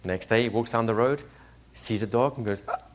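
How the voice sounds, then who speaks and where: A man lecturing a live class as a hypnosis trainer, animated, asking the room questions and acting out little scenes. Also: medium pitch, brisk.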